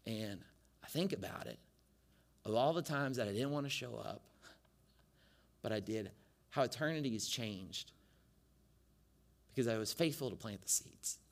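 A middle-aged male pastor preaching a sermon, telling stories earnestly, rising loud at times and then dropping soft and low. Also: expressive, normal speed, vocal fry, long pauses.

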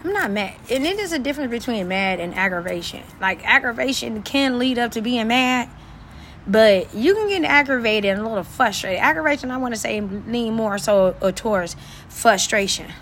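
A woman vlogger delivering an angry, profane rant to camera, repeating phrases and swinging between loud outbursts and quieter asides. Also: a little high, lively intonation, normal speed, a little hiss or hum.

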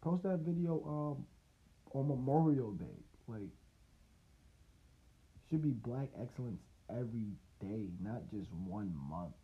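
A man's voice: medium pitch, animated, slow, pauses often. A man hosting a casual solo podcast, talking loosely and profanely, rambling with laughs and restarts. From United States. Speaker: podcast host. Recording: tinny phone-like line.

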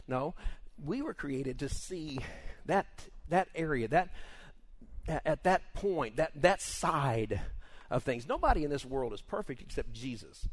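A man preaching as a pastor, telling folksy stories in a rambling, animated way. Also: unhurried. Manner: rambling and folksy, lively pitch, many restarts. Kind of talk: sermon with folksy storytelling.

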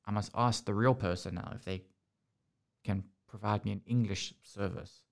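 A man's voice: fairly low pitch, steady tone, moderate pace, creaky. A man hosting a casual podcast, ranting sarcastically and often restarting his sentences. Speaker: podcast host.

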